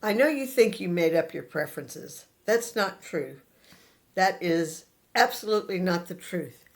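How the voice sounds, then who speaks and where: A spiritual teacher, a man with a high voice, lively intonation and some vocal fry, addresses an audience. He speaks directly and earnestly, pausing between short phrases and repeating his main points.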